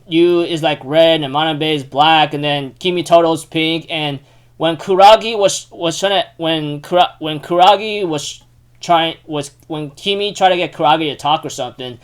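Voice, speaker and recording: A man's voice: on the high side, moderate pace, smooth. A man casually recapping an anime episode, rambling with lots of fillers like "you know" and "um". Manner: rambling, heavy use of fillers.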